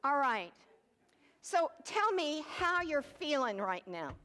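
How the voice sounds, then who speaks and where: A woman's voice: high-pitched, big pitch swings, takes it slowly, a bit bright, long reverb tail. A woman minister leading a church congregation with bubbly, whooping cheerleader energy. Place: church sanctuary.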